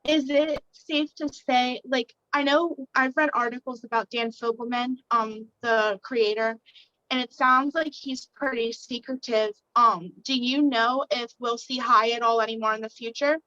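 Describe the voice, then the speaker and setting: A woman hosts a podcast interview, asking encouraging questions in a friendly manner. Her voice is high and bright. The audio sounds dull and lo-fi, with no room echo. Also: steady tone, unhurried. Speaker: podcast host.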